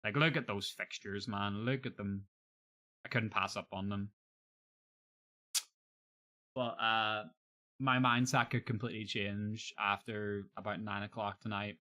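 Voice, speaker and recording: A man's voice: lowish voice, fairly even intonation, a little slow, long pauses, pushed and bright. A young man chatting casually on a live stream, joking and swearing freely.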